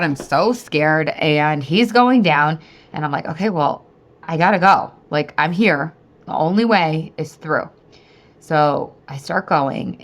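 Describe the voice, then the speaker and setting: A woman in her thirties hosting a podcast, telling a story in a chatty, animated way and often talking straight to her listeners. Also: low voice. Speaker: podcast host and weight-loss coach. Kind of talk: casual storytelling monologue.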